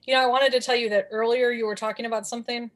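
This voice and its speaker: Speaking rapid-fire in a fairly high, fairly even voice, a southeastern Wisconsin woman co-hosts a podcast. Her casual talk is chatty and enthusiastic, with words repeated for emphasis.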